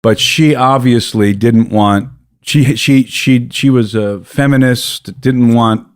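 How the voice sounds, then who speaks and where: An American man, a podcast guest, telling a story in an animated way, often breaking off and restarting his sentences. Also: mid-range voice, slow pace, no room sound, clean studio sound. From United States. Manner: animated, self-interrupting storyteller. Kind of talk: casual storytelling.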